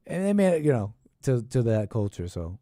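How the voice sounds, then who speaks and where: A man's voice: mid-range voice, big pitch swings, normal speed, dark tone, dry recording. Dry close-miked male call-in host. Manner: rambling, chuckling, trails off. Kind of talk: casual call-in talk.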